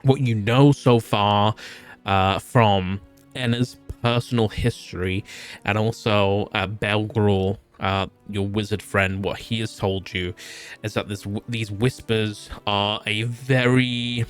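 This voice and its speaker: Slow, smooth-voiced man running a tabletop game. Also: on the low side, fairly even intonation, faint music behind. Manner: casual, laid-back storytelling with loose asides. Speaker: game master. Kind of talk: recapping a tabletop game session.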